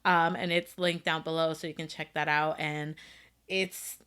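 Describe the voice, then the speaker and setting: Bright-voiced gushing woman podcaster. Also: sits low, level tone, normal speed, clean tone. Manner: gushing, lots of "like" fillers. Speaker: podcast co-host. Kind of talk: casual chat.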